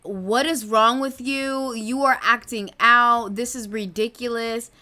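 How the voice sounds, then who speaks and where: Furious strict mom in a life-sim game, loud drawn-out scolding, bright voice, a woman doing the voice. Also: fairly high pitch, fairly even intonation, soft background music.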